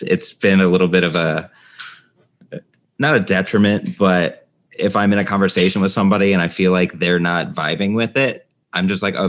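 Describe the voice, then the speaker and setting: A man hosting a podcast in casual chat, thinking aloud and jumping between points. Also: sits low. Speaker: podcast host.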